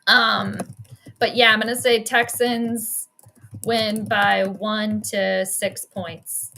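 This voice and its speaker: A woman chatting casually on a live stream, giving an astrology prediction and reacting to a football game as it plays, with quick asides and self-deprecating jokes. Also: medium pitch, little pitch movement, gravelly, bright, forceful tone, a little hiss or hum. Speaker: sports astrology streamer and commentator.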